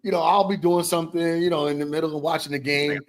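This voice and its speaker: Tipsy male co-host, slightly higher voice, loose and profane. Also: steady tone, fast. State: drunk. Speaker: podcast co-host. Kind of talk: casual drunk sports chat.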